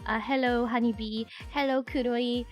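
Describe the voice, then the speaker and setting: A young woman streaming, chatting casually and quickly with her viewers, rambling and cutting herself off, her voice a little rough from being sick. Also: a little high, faint music behind. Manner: fast, rambling and animated, often self-interrupting. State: recovering from illness, voice sounds rough. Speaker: VTuber streamer.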